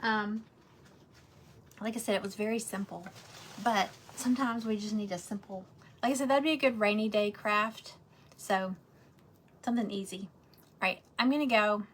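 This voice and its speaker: A woman's voice: mid-range voice, moderate pace, long pauses, fairly bright tone, a little hiss or hum. A woman, chatting casually and rambling to viewers as she hosts a craft livestream from home.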